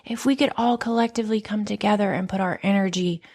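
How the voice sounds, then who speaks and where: A woman in her thirties hosting a podcast, telling stories in a candid, profane, animated casual chat. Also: mid-range voice, quick pace. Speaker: podcast host.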